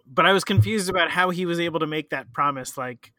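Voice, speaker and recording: A man with a notably high, crisp, bright voice talks casually about a film. He sounds wry and incredulous. The sound is dry and close, with no room around him. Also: fast, few pauses, no room sound. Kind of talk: casual movie chat.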